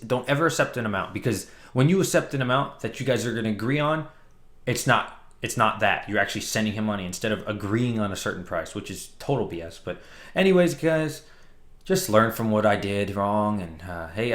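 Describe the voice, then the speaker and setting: A man casually telling a story on his vlog, animated and exasperated, later calmer. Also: on the low side, roomy sound. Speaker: comic book vlogger.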